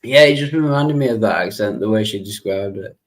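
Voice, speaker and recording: A man's voice: lowish voice, expressive, brisk, background noise. Laid-back male livestream host. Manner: laid-back, chuckles often. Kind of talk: casual chat.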